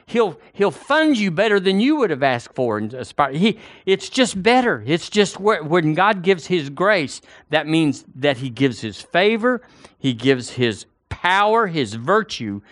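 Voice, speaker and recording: Man preaching a sermon, slightly high voice, real animated, rises and drops a lot. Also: measured pace, dry recording. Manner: animated, emphatic, swings loud and soft.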